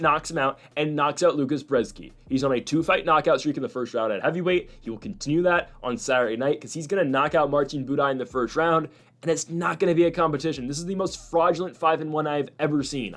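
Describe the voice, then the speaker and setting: A man's voice: on the high side, quick pace, a bit bright. A man hosting a casual talk show, rambling and opinionated, with many restarts and asides. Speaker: host. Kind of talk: casual chat.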